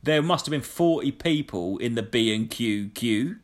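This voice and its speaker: A man's voice: medium pitch, lively intonation, moderate pace. A man telling a long, sweary, indignant story in casual chat. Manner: sweary, indignant, mimics people in his stories.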